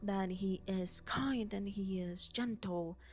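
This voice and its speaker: A young woman vlogging at home, rambling excitedly and swearing casually about a film while waving a handheld mic. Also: mid-range voice, takes it slowly. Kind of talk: unscripted excited movie rant. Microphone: handheld mic waved around.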